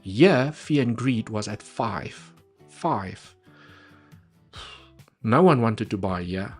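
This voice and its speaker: A man's voice: fairly low pitch, expressive, slow pace, breathy edge, faint music behind. A man talking casually through trading charts on a live stream, chatty and repeating points for emphasis.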